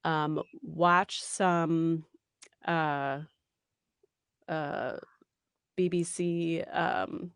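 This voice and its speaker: Voice actress guest, woman, 30s, lowish pitch, animated and chatty, dry close recording. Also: extremely slow, vocal fry, pauses often, clear, resonant tone, dry recording. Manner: animated, chatty, many fillers and laughs. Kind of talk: casual interview chat.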